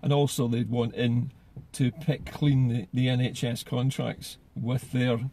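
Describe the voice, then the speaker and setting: A man's voice: mid-range voice, flat delivery, unhurried, mellow. A man giving solo political commentary in an earnest way, often repeating words as he gathers his thoughts.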